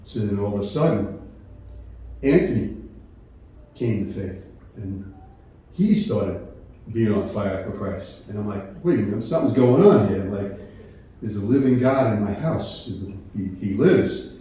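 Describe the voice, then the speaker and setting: A man's voice: on the low side, expressive, measured pace, long pauses, dark tone. A man earnestly telling his Christian testimony in a casual, rambling way, often restarting and becoming emotional. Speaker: channel host giving his Christian testimony. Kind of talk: personal testimony, casual storytelling. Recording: very echoey room, voice picked up from a distance.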